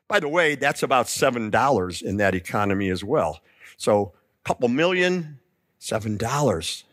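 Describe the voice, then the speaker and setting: A man preaching a sermon, telling the story with lively emphasis and acting out the quoted lines. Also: medium pitch, moderate pace, dry recording, clean studio sound. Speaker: pastor.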